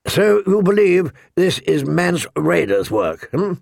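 A man voicing an impatient, gruff old military commander who growls his words. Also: high voice, big pitch swings, takes it slowly, darkish tone, no room sound, studio quality, pitched above the performer's own voice, exaggerated voice. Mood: scornful.

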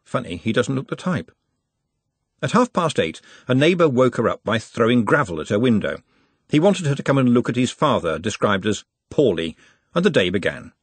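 Man, audiobook narrator, wry, expressive, husky, dry recording. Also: mid-range voice, fairly quick, dry recording.

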